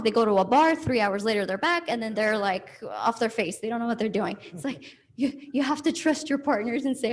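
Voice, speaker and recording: Woman counselor, calm and practical, mid-high voice, conversational talk. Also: normal speed. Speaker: counselor giving a church talk. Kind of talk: talk with audience questions. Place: church hall.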